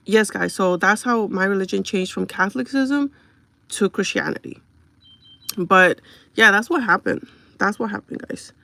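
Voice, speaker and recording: A woman's voice: medium pitch, vocal fry, a bit bright, dry recording. A young woman livestreaming from home on her phone, chatting casually and confidingly with viewers and bluntly brushing off trolls.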